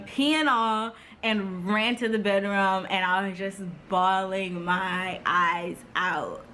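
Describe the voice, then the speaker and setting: A young woman in her twenties talking casually in a storytime vlog, chatty, full of "like" and quick laughs. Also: mid-range voice, a bit bright, a little hiss or hum. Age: 20s. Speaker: vlogger.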